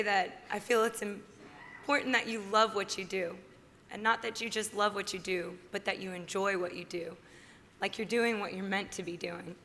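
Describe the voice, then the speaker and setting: A woman in her twenties giving a heartfelt acceptance speech at a podium microphone in a large hall, earnest and rising with excitement. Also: medium pitch, moderate pace. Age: 20s. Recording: reverberant hall with faint background noise.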